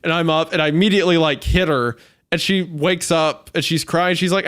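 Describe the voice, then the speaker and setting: A man's voice: on the high side, a little fast, fairly bright tone, smooth. A man hosting a casual podcast, chatting with many fillers and restarts and laughing often while he reads a spooky story aloud. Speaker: podcast host reading a story. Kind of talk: casual chat and story reading.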